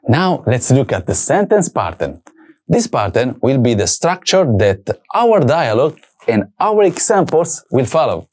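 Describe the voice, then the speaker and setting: Male teacher, patient lesson delivery: unhurried, words repeated clearly, pitch moving a lot. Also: darkish tone. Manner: slow, careful repetition of words for learners. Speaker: language teacher. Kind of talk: scripted language lesson.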